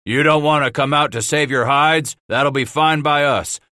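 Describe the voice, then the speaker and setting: A man's voice: a little high, moderate pace, bright, forceful tone, no echo, studio quality, pitched above the performer's own voice. A man voicing a menacing male frontier horse thief leader who taunts and threatens. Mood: threatening.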